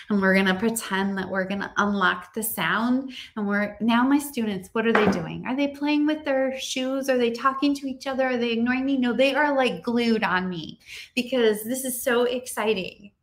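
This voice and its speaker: A woman teacher giving a casual, upbeat training talk to other teachers, chatty and lively. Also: mid-range voice. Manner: upbeat, chatty, acts out classroom dialogue.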